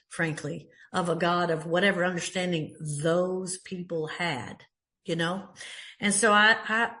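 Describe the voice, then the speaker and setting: A woman's voice: medium pitch, a bit bright. An older woman from Texas with a Texan accent, speaking at a recovery meeting in a folksy, chatty way with many fillers and restarts. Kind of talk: personal share at a meeting.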